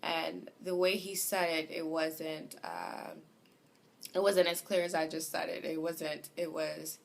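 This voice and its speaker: Woman telling a story real slow, lowish voice, lots of ums and pauses. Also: expressive, vocal fry. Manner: hesitant, many fillers, drifts softer as she goes. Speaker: vlogger. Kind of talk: personal storytelling. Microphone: home recording.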